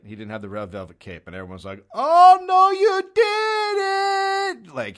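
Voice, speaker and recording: A man from America doing a rambling, profane comedy monologue, sarcastic and acting out little voices. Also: lowish voice. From United States.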